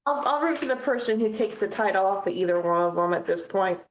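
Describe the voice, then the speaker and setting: A blunt, foul-mouthed woman co-host who tells stories with easy sarcasm. Her voice sits at an ordinary pitch, and it rings with a roomy echo. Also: lively intonation, fast, muffled recording, slight background noise. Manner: blunt, swears freely, storytelling. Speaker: podcast co-host. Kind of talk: casual chat.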